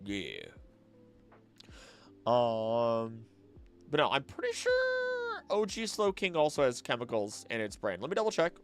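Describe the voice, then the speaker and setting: A man's voice: mid-range voice, huge pitch swings, slow pace, long pauses, soft background music. A man, a streamer and voice actor, chatting casually and thinking aloud while he answers chat questions.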